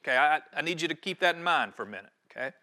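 A male pastor who reads scripture, prays and preaches with lively storytelling. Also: fairly high pitch, racing. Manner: animated storytelling with a reverent scripture reading. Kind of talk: sermon.

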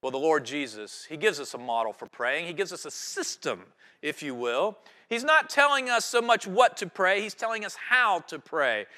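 A male pastor preaching a sermon, building phrases in rhythmic waves that swell loud and then drop low. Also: lively intonation, normal speed, hardly any pauses. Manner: rhythmic preaching with sweeping rises and drops in volume.

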